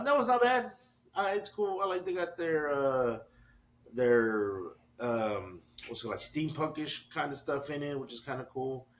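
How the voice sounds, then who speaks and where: A man's voice: mid-range voice, fairly bright tone. A man co-hosting a podcast, chatting casually about video games with a rambling, joking manner and a lot of swearing. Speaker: podcast co-host. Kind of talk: casual chat.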